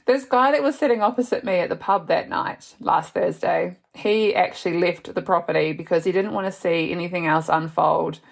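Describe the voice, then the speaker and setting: A woman's voice: fairly low pitch, moderate pace, vocal fry. A young woman hosting a podcast, chatting casually and laughing often as she retells a night out. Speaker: podcast host. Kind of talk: casual storytelling monologue.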